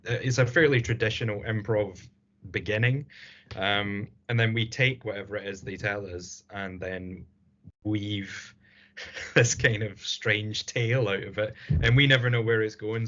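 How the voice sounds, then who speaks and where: A male comedy performer calmly explaining his act in an interview. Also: lowish voice. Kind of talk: interview answers. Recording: dull lo-fi recording.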